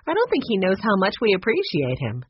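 A woman's voice: mid-range voice, wildly swooping pitch, fairly quick, husky, no echo. A woman voicing a cheerful, eager woman who hosts an orchestra's visitors. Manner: bright, eager, gushing. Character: cheerful, fussing female orchestra host. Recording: muffled, dry recording.

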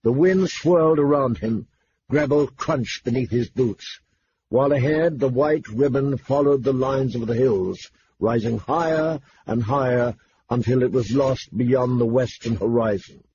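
A man reading a novel aloud as an audiobook narrator, in a steady, measured storytelling manner. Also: mid-range voice. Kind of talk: scripted narration. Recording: dull lo-fi with faint hiss.

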